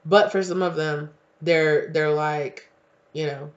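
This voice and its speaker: A man's voice: on the high side, steady tone, slow pace. A man giving a casual, chatty tarot reading with slangy, emphatic talk. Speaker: tarot reader. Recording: dull lo-fi recording.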